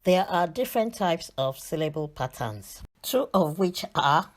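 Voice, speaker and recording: A woman's voice: lowish voice, expressive, unhurried. A British woman narrating a beginners' reading lesson, carefully sounding out letters and words. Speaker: reading teacher. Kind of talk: slow scripted lesson narration.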